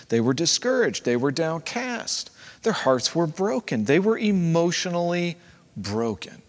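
A male pastor delivering a sermon in a conversational, animated way, acting out the people he quotes. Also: on the high side. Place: church sanctuary. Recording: long reverb of a church hall.

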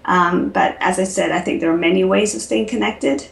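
A woman in her forties, a guest on an interview, speaking in a measured way with frequent ums. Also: medium pitch, gravelly. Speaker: guest, product creator. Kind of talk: casual interview chat. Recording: echoey room.

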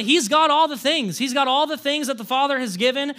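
A male pastor delivering a conversational sermon. His voice is unusually high for a man, bright and forceful, and he tells the story in an animated way, full of rhetorical questions and a casual "like". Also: a little fast.

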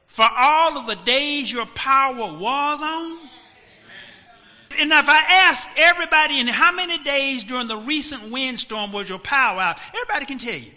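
Emphatic middle-aged male pastor, lively high delivery; dull recording with long hall reverb. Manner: emphatic, rising to shouts, dramatic pauses. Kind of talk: sermon. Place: church sanctuary.

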